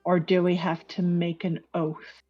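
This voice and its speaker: Woman as a mocking, menacing clawed creature in a tabletop game; low voice, dull lo-fi sound. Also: little pitch movement, measured pace, soft background music. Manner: taunting and mocking.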